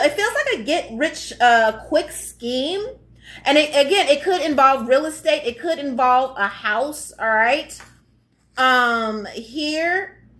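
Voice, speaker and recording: A woman's voice: sits high, fairly bright tone. A woman giving a live tarot reading in a blunt, profane, emphatic way, often checking in with "all right?". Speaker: tarot reader.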